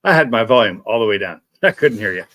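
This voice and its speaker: A man's voice: on the low side, lively intonation, brisk, pushed and bright. Male stream host, casual home chat, easygoing and self-deprecating, mid-range voice. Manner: rambling, chatty, self-deprecating. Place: at home at night.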